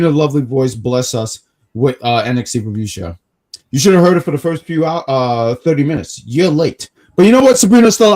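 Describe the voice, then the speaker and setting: A man co-hosting a wrestling review show, excitable and joking, saying he gets worked up. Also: a little high. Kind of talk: casual show review chat.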